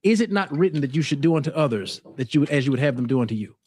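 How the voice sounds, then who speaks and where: Man in a heated debate, rapid-fire and pushy, high pitch. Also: lively intonation, darkish tone, slightly rough. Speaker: debater in a played clip.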